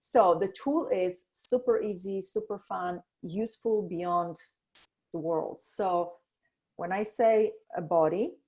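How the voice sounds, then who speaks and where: A middle-aged woman talking as a podcast guest about energy and intuition, animated, laughing often and acting out the voices she quotes. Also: on the low side. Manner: slows to a soft guiding tone in exercises. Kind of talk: conversational interview.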